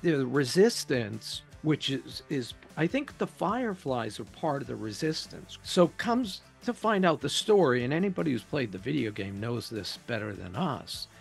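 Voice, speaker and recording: An eager man co-hosting a laid-back review chat at a middling pitch. He explains at length, backing up and restarting as his thoughts run ahead. Soft music plays faintly in the background. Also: very animated, moderate pace, vocal fry, hardly any pauses. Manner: enthusiastic, rambling explanations with restarts. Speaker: podcast co-host. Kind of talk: casual chat.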